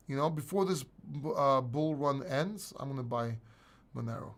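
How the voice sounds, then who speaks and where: A man's voice: mid-range voice, moderate pace, a bit bright. A man hosting a casual crypto livestream, reading and answering chat questions in a blunt, rambling way with restarts and swearing.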